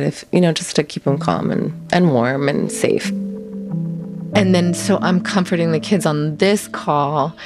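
A woman telling her own story in an interview, reflective and halting, often pausing to find her words. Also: low voice. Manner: reflective, halting, soft-spoken. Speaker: interviewee, former prison firefighter. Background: soft music.

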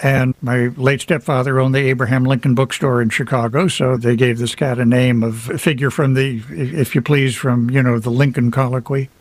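A man's voice: mid-range voice, steady tone, moderate pace, hardly any pauses, no echo. Reflective man telling stories, dry sound. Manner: reflective, anecdotal, light humor with laughs. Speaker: author guest. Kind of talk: radio interview, casual storytelling.

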